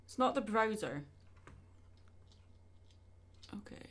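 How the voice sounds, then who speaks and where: A woman's voice: mid-range voice, lively intonation, fairly quick, a bit bright. A young woman chatting casually with her viewers during a drawing livestream, rambling and answering questions as she goes. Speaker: art streamer.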